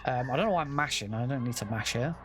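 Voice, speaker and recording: A man's voice: mid-range voice, fast, music in the background. A man giving casual, chatty commentary while playing a game, often correcting himself and swearing offhand. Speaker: speedrunner.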